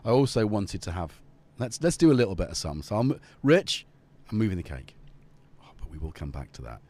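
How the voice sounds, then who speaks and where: A man's voice: fairly low pitch, sing-song, brisk, warm tone. A man hosting a casual live stream, joking and rambling off topic at a studio mic. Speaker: livestream host. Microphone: studio dynamic mic.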